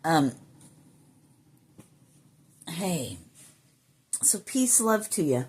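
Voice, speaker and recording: Slow, blunt woman vlogging with lively pitch. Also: slightly rough, low-quality recording. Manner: blunt, swears freely, talks to herself. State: irritated. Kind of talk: casual vlog.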